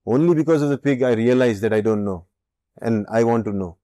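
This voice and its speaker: A middle-aged man gives a spiritual talk in a mellow, warm voice, acting out the different people in his anecdotes. He hammers home his points by repeating them. The recording is dry and close. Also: mid-range voice, fairly quick, no room sound. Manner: lively storyteller who plays out both sides of dialogues; emphatic, repeats key points. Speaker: spiritual teacher. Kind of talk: reflective talk with acted-out anecdotes.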